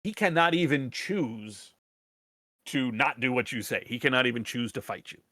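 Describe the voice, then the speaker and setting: A man running a tabletop game over a virtual table, narrating casually and rambling, often circling back mid-sentence. His voice is bright and forceful at a mid pitch. The recording is dry and close. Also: animated, moderate pace, no room sound. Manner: casual, rambling, with frequent restarts and laughs. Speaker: game master.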